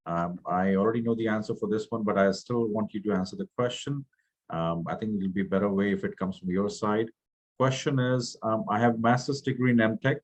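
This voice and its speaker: A man with a fairly low voice moderating an online open house. He reads out viewers' questions politely and hesitates with "um" often. He is heard over a video call. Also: rough recording. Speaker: webinar moderator. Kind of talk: reading audience questions.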